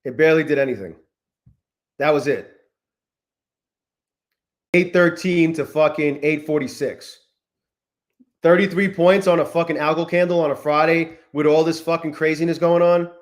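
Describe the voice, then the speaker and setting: Brief: male live-stream host, somewhat high voice, loose profane rambling, roomy echoey sound. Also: normal speed, pauses often. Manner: profane, rambling, greets chat viewers. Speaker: livestream host. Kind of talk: casual live-stream chat.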